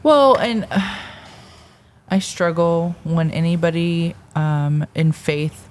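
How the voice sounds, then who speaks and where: A woman with a lowish voice speaks slowly and deliberately in a casual podcast chat. She drops in dry, wry remarks. Faint hiss behind her. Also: a little mellow. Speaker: podcast co-host.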